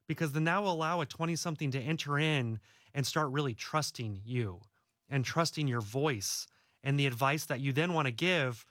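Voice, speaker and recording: A man's voice: fairly high pitch, moderate pace, fairly bright tone, no echo. Earnest man speaking in a dry room. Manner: earnest, reassuring, repeats and restarts words. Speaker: author and guest. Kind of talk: casual faith-based interview talk.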